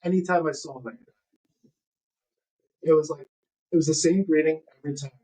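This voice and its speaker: A man's voice: on the high side, steady tone, moderate pace, warm tone, husky, low-quality recording. A man, hosting a podcast in a laid-back casual chat and laughing often. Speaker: podcast host.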